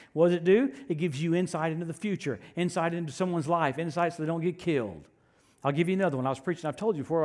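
Animated male preacher telling stories. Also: a little high. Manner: animated, swings from loud to hushed asides. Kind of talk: sermon with storytelling.

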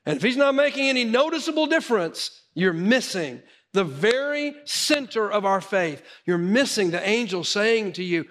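A middle-aged man delivers a sermon in a high-pitched voice. He tells animated personal stories and often stumbles and restarts his sentences as he goes. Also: normal speed. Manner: animated storytelling with frequent restarts. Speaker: pastor.

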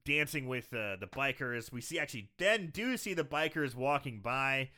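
A man's voice: mid-range voice, normal speed. A man casually recapping a movie on a podcast, laughing often and acting out the characters' lines. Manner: animated, laughs often, acts out quoted characters. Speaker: podcast co-host recapping a film.

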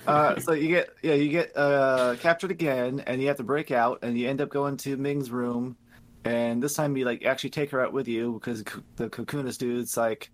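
A man co-hosting a casual game review podcast, recapping the plot with lots of swearing and quick impressions of the characters. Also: medium pitch, fairly even intonation. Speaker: podcast co-host.

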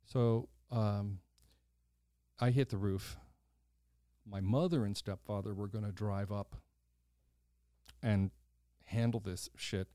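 A man's voice: lowish voice, slow pace, pauses often, no room sound, studio quality. A man in his sixties, a podcast host, telling a personal story in a casual, blunt way, acting out the voices of the people in it. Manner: animated storyteller who acts out quoted voices, blunt and swears casually.

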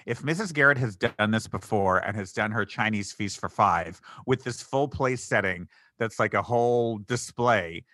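Man, crisp bright tone, dry close mic, wry nitpicky podcast co-host. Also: fairly low pitch, normal speed, hardly any pauses, no echo. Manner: sarcastic, nitpicky, laughs often. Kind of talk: casual chat recapping a TV show.

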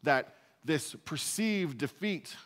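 A man's voice: on the high side, expressive, takes it slowly, fairly bright tone, big-room sound. A male pastor preaching a sermon in a conversational, self-deprecating way. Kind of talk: sermon, verse-by-verse teaching.

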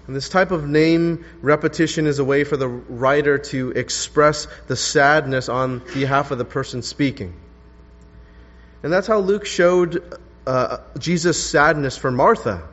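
A man's voice: mid-range voice, moderate pace. A man preaching an earnest sermon and reading scripture aloud with weight on the key words. His voice sits in the middle range and rings with the long reverb of a church hall. The lo-fi recording sounds a little dull.

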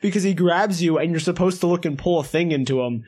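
A man co-hosting a casual podcast, cutting in with quick, teasing remarks about games. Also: fairly high pitch, a little mellow. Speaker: podcast co-host.

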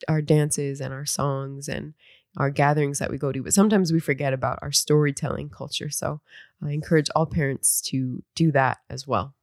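A woman's voice: sits low, steady tone, normal speed, darkish tone, no room sound, clean studio sound. A young mother speaking earnestly and encouragingly about raising her baby with cultural traditions. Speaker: mother sharing parenting traditions. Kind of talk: reflective talk.

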